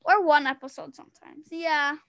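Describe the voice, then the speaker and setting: A young woman hosting a casual podcast chat, excitable and giggly. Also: high voice, moderate pace. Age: young adult. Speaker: podcast host.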